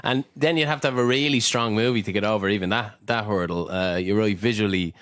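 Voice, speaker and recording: A man co-hosts a podcast in casual chat, talking animatedly and rambling with fillers and restarts. His voice sits low, picked up close and dry with no room around it. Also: fast talker, a bit bright, dry recording. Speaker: podcast co-host.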